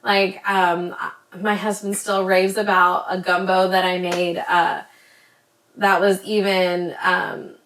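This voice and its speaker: A woman chatting to her camera as a vlogger, rambling with many ums and tripping over words when she talks fast. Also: lowish voice, little pitch movement, fairly bright tone. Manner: says she stutters when talking fast. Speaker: vlogger recommending creators. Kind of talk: casual chat to camera.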